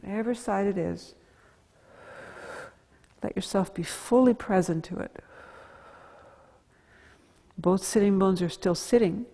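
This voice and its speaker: A woman teaching a gentle yoga class, cueing slowly and calmly, humming softly and dropping to near-whispers on breath cues. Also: mid-range voice, creaky, big-room sound. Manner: calm, slow cueing with soft hums and sighs. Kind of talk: guided yoga instruction.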